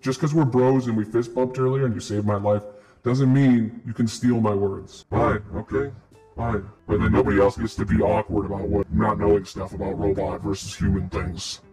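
A man's voice: fairly low pitch, fairly even intonation, moderate pace, mellow, slightly rough, faint music behind. A man doing Gregor, a swaggering iron golem priest. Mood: cocky. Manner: swaggering, boastful, touchy. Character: cocky male iron golem priest, brawler.

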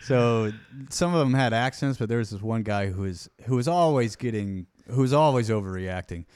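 A man's voice: medium pitch, normal speed, darkish tone, smooth, no echo. A man hosting a podcast, telling stories in casual chat and mimicking the people he describes. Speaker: podcast host.

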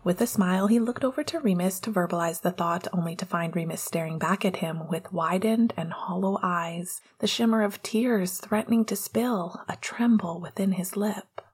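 Woman reading a story aloud, low breathy voice, soft and hushed. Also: normal speed, hardly any pauses. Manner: soft, hushed, gentle narration. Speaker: narrator. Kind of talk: audiobook reading of fan fiction.

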